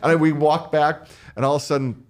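A man's voice: on the high side, a little fast, smooth. A man who works as a line producer, telling stories in a casual interview and acting out the people in them. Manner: animated, acts out voices.

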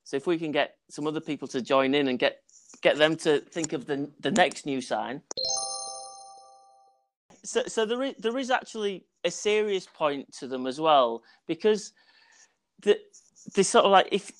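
A man's voice: a little high, a bit bright. A man from Hull guesting on a podcast as a roadworks contractor, earnest, stopping and restarting often. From Hull, England. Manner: earnest, halting, many restarts. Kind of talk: casual interview.

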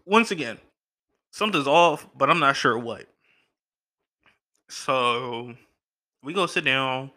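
A young man hosting a podcast, telling a story in a casual, slangy, animated way, laughing between lines. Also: medium pitch, slow pace, long pauses. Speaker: podcast host.

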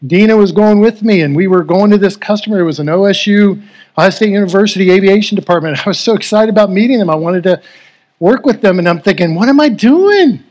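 A man's voice: high-pitched, a little mellow. A middle-aged man preaching a sermon as pastor, earnest and emotional, telling a personal story and leading prayer. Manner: earnest, emotional, rising to fervent.

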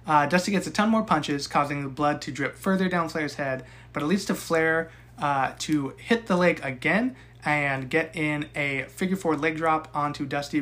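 A young man co-hosting a casual podcast, recapping a wrestling match with profane, animated rants. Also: on the high side, moderate pace. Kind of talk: casual chat.

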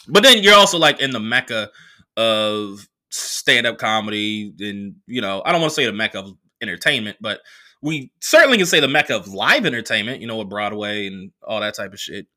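A young male comedian from the Bay Area tells a loose, profane story on his show. His pitch jumps wildly as he acts out the people he quotes. His tone is bright and punchy. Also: animated, brisk. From San Francisco Bay Area. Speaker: comedian podcast host. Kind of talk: casual storytelling monologue.

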